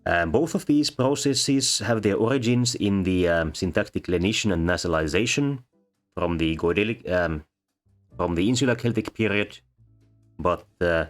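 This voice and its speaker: A man explaining sound changes as a lecturer, pausing often with ums and uhs. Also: sits low. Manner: halting, many ums and uhs. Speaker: linguistics lecturer. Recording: faint background music.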